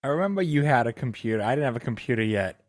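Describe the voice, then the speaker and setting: A man's voice: mid-range voice, lively intonation, racing, dry recording. A man co-hosting a podcast, teasing and joking in casual chat. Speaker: podcast co-host.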